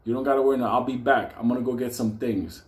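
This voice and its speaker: A man's voice: mid-range voice, fairly even intonation, quick pace, a little mellow, close to an everyday voice. A man playing a tough older man who gives blunt, profane orders, in an echoey room. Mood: commanding.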